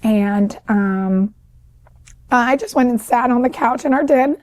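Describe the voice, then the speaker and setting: A woman with a high-pitched voice tells her story as a podcast guest. She is talkative, and her sentences spill out with lots of "like" and "um.". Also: slow pace, darkish tone. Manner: talkative, with many fillers like "like" and "um"; describes herself as an overachiever and people pleaser who is always talking. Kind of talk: emotional personal storytelling.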